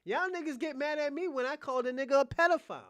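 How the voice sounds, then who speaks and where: A man's voice: very high-pitched, fast, no echo. Heated profane man ranting, dry sound. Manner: profane, combative, repetitive; swings between loud outbursts and muttered asides. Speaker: podcast host. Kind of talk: heated livestream rant.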